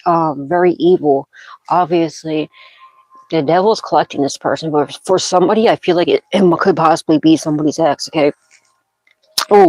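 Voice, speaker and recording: A woman's voice: lowish voice, darkish tone, no echo, poor audio. A woman doing a tarot card reading, rambling from card to card and checking in with "okay?" as she makes dramatic intuitive pronouncements. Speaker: tarot reader.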